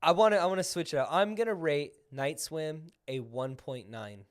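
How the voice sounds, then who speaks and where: A young man with a high-pitched voice co-hosts a casual podcast about movies. He talks in an animated way, laughs often and acts out lines. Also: normal speed. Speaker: podcast co-host. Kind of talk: casual movie review chat.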